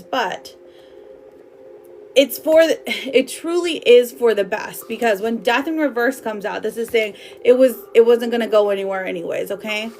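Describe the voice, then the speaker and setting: A woman's voice: fairly high pitch, moderate pace, a little mellow, a little hiss or hum. A woman doing a live tarot reading for viewers, bubbly and affectionate, chatting loosely with lots of fillers and laughs. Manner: affectionate, calls viewers girl and my love. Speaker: tarot reader.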